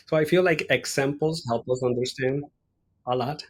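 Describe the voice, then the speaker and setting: A man's voice: mid-range voice, steady tone, normal speed. Colombian man explaining in an interview. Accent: Colombian Spanish. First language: Spanish. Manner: explanatory, uses many rhetorical "right?" tags. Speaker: ESL instructor, podcast guest. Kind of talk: interview conversation.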